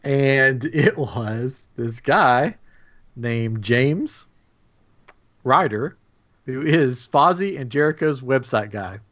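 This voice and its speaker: A man's voice: mid-range voice, expressive, slow, fairly bright tone, highs cut off. A man co-hosting a podcast, telling a story in casual chat and laughing often. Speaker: podcast co-host.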